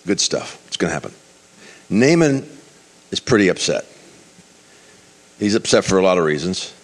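A man's voice: low voice, big pitch swings, moderate pace. A man preaching a sermon, retelling a scripture story with many restarts and acting out the characters' lines.

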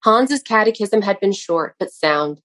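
A woman reading a story aloud in a measured, expressive way, with an occasional stumble over a word. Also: mid-range voice. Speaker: narrator. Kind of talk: audiobook narration.

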